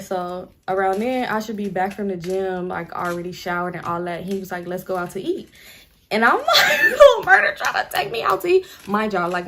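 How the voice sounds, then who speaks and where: A woman's voice: medium pitch, a little hiss or hum. A young woman telling a personal story to her viewers in a rambling, chatty way. She uses lots of slang, talks straight to her audience and laughs as she goes. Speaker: storytime vlogger. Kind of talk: casual storytime chat.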